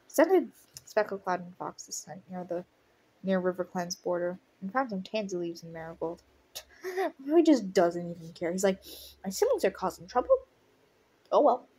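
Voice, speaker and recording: Woman reading aloud with commentary, husky, animated, laughs at the text. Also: on the low side, moderate pace. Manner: breaks off to laugh and react to the story. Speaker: audiobook reader of a fan story.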